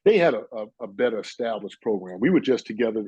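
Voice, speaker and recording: A man's voice: on the low side, expressive, quick pace, mellow, slightly rough, no echo, rough recording. A man in his sixties from New York, a guest telling rambling stories full of "you know" and "uh". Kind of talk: casual storytelling chat.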